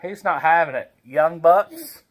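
A man's voice: a little high, measured pace. A man casually opening wrestling card packs at home, reading names aloud and chatting to his baby as he goes. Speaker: wrestling card collector vlogger. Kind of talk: casual pack-opening chat.

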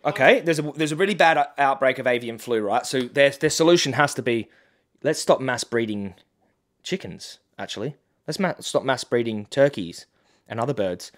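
A man's voice: medium pitch, normal speed. A man reacting to political clips with sarcastic, mocking and indignant commentary. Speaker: activist commentator.

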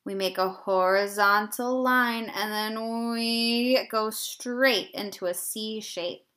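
A woman teaching a kindergarten phonics lesson, sounding out short words deliberately and drawing them out for young children. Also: mid-range voice, sharp tone.

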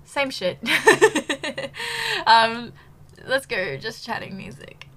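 Giggly streamer girl chatting away, kinda high bright voice, bit breathless, lots of ums. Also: expressive, drawn-out words. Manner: bubbly, giggly, chatty with many fillers. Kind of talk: casual live-stream chat.

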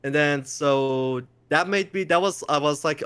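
A man talking as a guest in a casual interview, excitable and jokey, slipping into playful mock voices. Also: on the high side, measured pace, hardly any pauses, clean tone. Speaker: interview guest, content creator.

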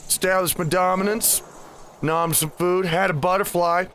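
Over game music, a man running a let's play voices his cat character in first person, joking around, cursing, and adding fake meows. His voice is high and fairly bright, steady in tone, at a normal speed, with slight hiss or hum. He's a gaming channel host.

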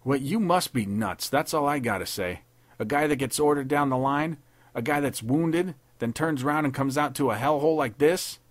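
A man's voice: mid-range voice, normal speed, voice pushed up, natural voice. A man voicing a cynical young army private, tough and slangy, in a read-aloud pulp story. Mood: scornful. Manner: tough slangy street talk.

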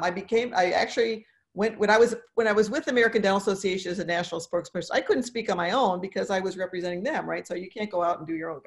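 A woman in her sixties, a dentist and speaker, talking earnestly in a podcast interview, encouraging and repeating phrases for emphasis. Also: medium pitch. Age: 60s.

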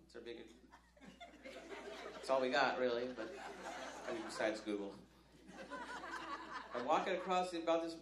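Self-deprecating stand-up comic in a roomy club. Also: male voice, fairly high pitch. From Northern California. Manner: self-deprecating, rambling with restarts. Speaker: stand-up comedian. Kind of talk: stand-up comedy set. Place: comedy club stage. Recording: live club recording, roomy with crowd.

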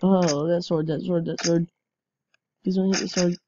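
A woman giving casual game commentary, excitable, with frequent yelps and laughs. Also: fairly low pitch, moderate pace, muffled recording, noisy background. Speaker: gameplay commentator.

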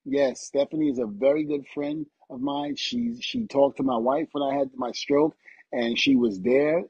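Middle-aged man, podcast guest, husky and warm, animated storyteller, dry dull recording. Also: a little high, normal speed, no room sound. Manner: animated storytelling, acts out quotes. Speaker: podcast guest, retired wrestler. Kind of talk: casual interview chat.

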